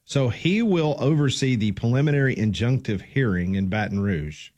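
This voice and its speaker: A man's voice: mid-range voice, lively intonation, normal speed, darkish tone. A man hosting a casual sports talk show, making emphatic points and steering the discussion.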